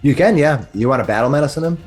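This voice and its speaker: A man's voice: a little high, expressive, rapid-fire, darkish tone, faint music behind. Rambling male game master. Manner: rambling, self-correcting narration. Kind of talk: running a tabletop game.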